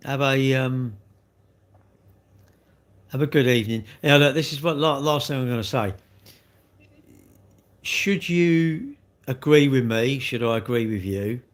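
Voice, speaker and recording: A man's voice: medium pitch, measured pace, pauses often. An English man chatting on a live stream, rambling and blunt as he answers viewers in a slangy way.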